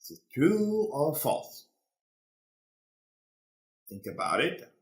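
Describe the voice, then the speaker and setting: A man teaching an English lesson, slowly reading true or false statements and going through the answers. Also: on the high side, very animated, reverberant. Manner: slow, deliberate, quizzing students. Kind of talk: classroom lesson.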